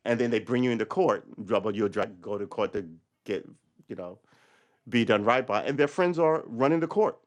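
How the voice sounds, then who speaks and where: A man's voice: mid-range voice, normal speed. A middle-aged man, a retired police officer who hosts a casual livestream and talks bluntly, swears freely and often laughs. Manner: blunt, profane, laughs often, restarts a lot.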